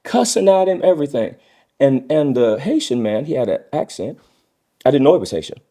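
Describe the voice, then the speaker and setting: Middle-aged guy talking earnest in a casual chat, mid-pitched voice, jumps up high when he quotes people. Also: sing-song, fairly quick, warm tone. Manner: earnest, acts out quoted speech in a raised voice. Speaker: guest. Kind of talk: casual discussion.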